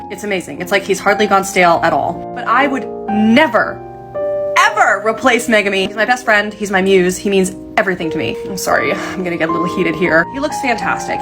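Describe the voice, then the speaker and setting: A young woman talking in a comedy vlog, mock-serious and deadpan, breaking into laughter. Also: mid-range voice. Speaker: TikTok creator. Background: background music.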